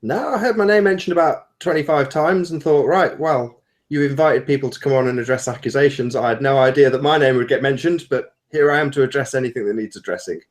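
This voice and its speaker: Measured, articulate man. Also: mid-range voice. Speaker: participant in online group call. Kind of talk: calm rebuttal.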